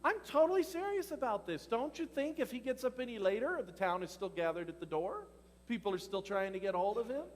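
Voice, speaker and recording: Male pastor, high voice, animated conversational sermon, long church-hall reverb. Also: a little fast. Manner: animated, conversational preaching with laughs and questions to the congregation.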